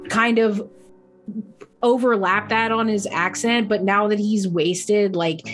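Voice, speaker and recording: A woman narrating a tabletop game as game master, in a casual, relaxed manner. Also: mid-range voice, takes it slowly, faint music behind, poor audio.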